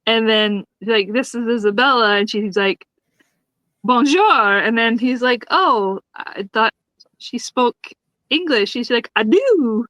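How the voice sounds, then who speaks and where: Animated, laughing woman recapping a sitcom. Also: on the high side, measured pace, dry recording, poor audio. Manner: animated, laughs often, acts out lines while retelling scenes. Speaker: podcast co-host. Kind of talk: casual chat recapping a sitcom.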